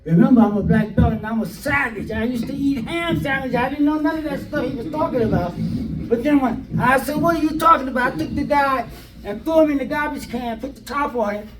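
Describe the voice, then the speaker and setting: An older man telling stories from his past in a documentary interview, animated, acting out what people said, with hesitant fillers. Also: very high voice, brisk, a crowd in the background. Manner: animated, acts out quoted dialogue with hesitant fillers. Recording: roomy sound from a distant mic, faint noise.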